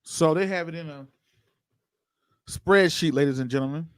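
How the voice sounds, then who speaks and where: A man's voice: on the high side, moderate pace, no echo. A man hosting an investing livestream, chatting loosely and answering viewers' comments by name. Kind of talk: casual livestream commentary reading chat.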